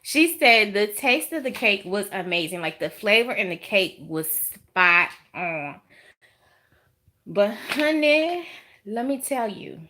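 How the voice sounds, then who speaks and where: A woman with a Southern US accent chatting to camera in her home kitchen, animated and drawn out, calling listeners "honey" and "y'all". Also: medium pitch, takes it slowly. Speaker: home baker vlogger. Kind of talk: casual chat to camera. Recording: noisy kitchen with clattering dishes. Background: clinking dishes and utensils.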